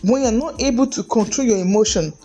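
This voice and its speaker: A woman's voice: fairly high pitch, a little fast, mellow, faint music behind. A middle-aged woman, a lawyer giving an earnest, emphatic talk on marriage, often repeating words and throwing in "hey". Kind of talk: preachy motivational talk.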